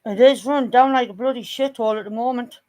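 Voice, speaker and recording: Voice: mid-range voice, a little mellow. A vlogger, chatting casually in a blunt, teasing way. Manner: blunt, teasing, quick to jab. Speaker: family channel vlogger. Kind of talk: casual chat.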